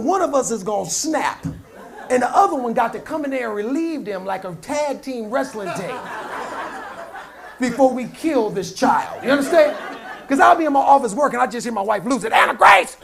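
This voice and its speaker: A man doing a stand-up set, telling family stories with animated delivery and acting out quarrels. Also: very high voice, brisk, gravelly, some chatter behind. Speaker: stand-up comedian. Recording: live club set with audience laughter.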